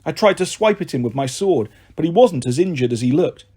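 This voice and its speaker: A man narrating a fantasy novel in an expressive storytelling voice. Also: on the high side, brisk, husky. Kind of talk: audiobook narration.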